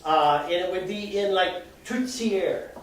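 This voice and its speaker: A man's voice: high voice, unhurried. A man from Minnesota giving a chatty live talk to an audience, explaining with examples and laughing at himself. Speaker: presenter. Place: arts center event room, indoors. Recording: echoey hall, voice from far off, faint noise.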